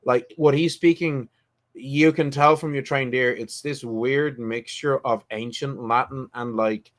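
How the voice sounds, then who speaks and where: A man running a tabletop role-playing game, narrating scenes in a relaxed way with frequent restarts. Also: mid-range voice, a little slow. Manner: relaxed, thinks aloud with restarts. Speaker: game master.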